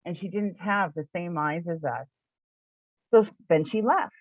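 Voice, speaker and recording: A chatty woman from eastern Canada recounts her own story, filling it with "like" and quick laughs. Her voice comes through a narrow, phone-like band in a dry, close space with no room sound. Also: fairly low pitch, no echo. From Canada, New Brunswick area. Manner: chatty, many "like" fillers, laughs often. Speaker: spiritual shop owner and teacher. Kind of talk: personal storytelling.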